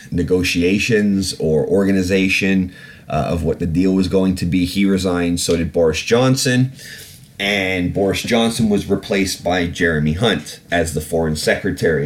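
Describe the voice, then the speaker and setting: A man hosting a solo podcast, ranting about politics with heavy swearing and rambling, filler-laden asides. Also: low-pitched. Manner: profane, ranting, swears often; rambling with many fillers and restarts. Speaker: podcast host.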